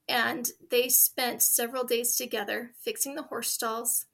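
A woman's voice: a little high, flat delivery, unhurried, vocal fry, few pauses, a bit bright. A woman in her forties, a podcast guest speaking earnestly and fondly about family traditions in a conversational interview.

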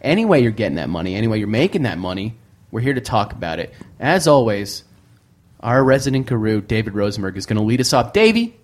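Profane, animated young male podcast host. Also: on the low side, fast talker. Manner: animated, profane storytelling with mock chanting. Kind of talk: casual comedic podcast chat.

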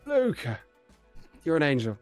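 A man playing a tabletop game, speaking in character in a playfully charming, smooth-talking way. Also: on the high side, huge pitch swings, unhurried, darkish tone, no room sound, soft background music. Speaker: player. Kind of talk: in-character role-play.

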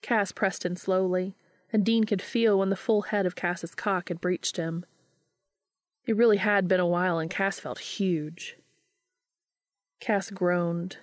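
A woman narrating a story in a steady, even-paced reading. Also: on the low side, slow, long pauses, no echo, clean studio sound. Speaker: audiobook reader.

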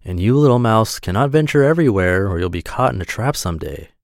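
A man's voice: on the low side, animated, a little fast, no room sound, studio quality. A man voicing a sly, greedy female cat in a fairy tale, talking in a coaxing, cool way. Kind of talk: storybook reading.

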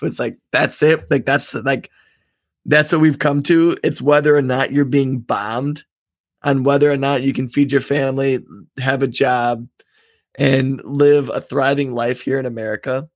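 A man co-hosting a podcast, telling loose stories and swearing freely. His voice sits at a mid pitch, and the sound is dry and close. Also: fairly even intonation, measured pace, no room sound. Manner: laid-back storyteller, swears freely. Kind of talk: casual podcast chat.

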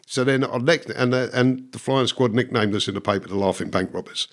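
A man's voice: medium pitch, brisk. A man, a guest who tells his stories bluntly, swears and laughs at himself. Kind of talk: casual storytelling.

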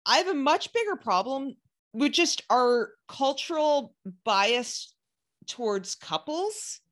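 Woman podcast co-host, slightly high voice, emphatic and opinionated. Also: animated, slow, a bit bright. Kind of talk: casual chat.

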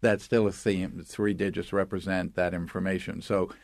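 A man's voice: deep voice, flat delivery, normal speed, dry recording. A man speaking as an expert guest, explaining things with step-by-step examples in an authoritative way. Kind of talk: explanatory interview talk.

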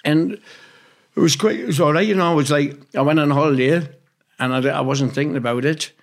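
A man's voice: fairly high pitch, brisk. A man from Newcastle with a Geordie accent, a former footballer telling rambling, sweary stories in a casual interview. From Newcastle, England. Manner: blunt, swears freely, rambling anecdotes.

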